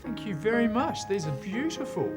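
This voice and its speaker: A children's-show dad caught off guard at his office and delighted by the visit, as a woman puts him on. His voice leaps up and down with excitement, with music playing behind him. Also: mid-range voice, normal speed, close to an everyday voice. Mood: delighted surprise. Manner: surprised, delighted.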